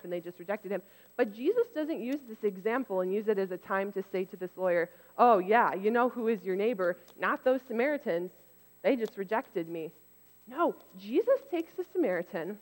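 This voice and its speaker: A woman giving a casual, conversational sermon, turning lively when she acts out what others said. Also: medium pitch. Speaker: preacher. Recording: long reverb in a hall.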